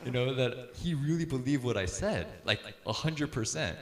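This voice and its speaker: A man's voice: medium pitch, expressive, normal speed, echoey room. A middle-aged man speaking casually to a group about parenting, telling stories and laughing easily as he acts out quotes.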